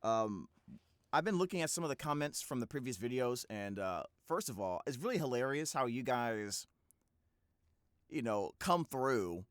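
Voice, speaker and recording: A man chatting his way through a reaction video, his pitch swinging up and down and his tone bright and forward. He rambles with plenty of ums and restarts. The sound is close and completely dry. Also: no echo. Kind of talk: casual reaction commentary.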